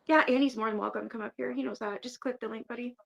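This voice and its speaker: A woman's voice: on the high side, fairly even intonation, racing, gravelly, muffled recording. A woman hosting a casual livestream, talking bluntly and profanely and owning up to her mistakes. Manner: blunt, profane, self-critical. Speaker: livestream host.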